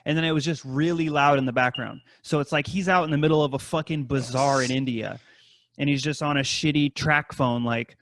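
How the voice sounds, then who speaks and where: A man's voice: fairly even intonation, fairly quick, fairly bright tone, slight background noise. A man co-hosting a podcast, rambling through a story in casual talk full of profanity. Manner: rambling, heavy swearing, mimics scammers in high voices. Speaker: podcast co-host.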